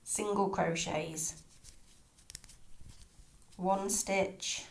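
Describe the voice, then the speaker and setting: A woman teaching crochet step by step, chatty and soft, often murmuring her stitch counts. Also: medium pitch, fairly even intonation, drawn-out words, creaky. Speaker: crochet tutor. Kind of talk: step-by-step craft tutorial. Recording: echoey room.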